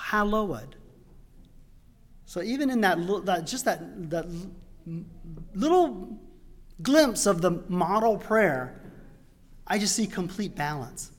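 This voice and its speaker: A man preaching a sermon in a church in a conversational way, restarting phrases and rising into loud emphasis. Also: high-pitched. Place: church sanctuary. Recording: long reverb of a church hall.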